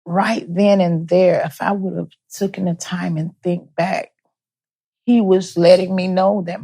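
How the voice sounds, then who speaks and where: A woman speaking as an interview guest, giving personal testimony as a bereaved mother, soft-spoken and halting, often repeating her words. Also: on the low side, flat delivery, slightly rough.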